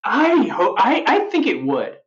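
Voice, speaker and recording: A woman with a high voice chats on a podcast, giggling and circling through half-finished thoughts. Her mic sounds roomy and a little dull. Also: wildly swooping pitch, a little slow. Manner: giggly, rambling, full of restarts. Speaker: podcast co-host. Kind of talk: casual chat.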